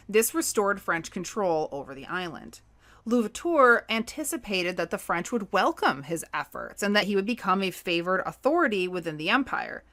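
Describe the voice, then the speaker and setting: Woman co-host on a history podcast, laid back, repeats herself a bit, mid pitch. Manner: relaxed, repeats words and backchannels often.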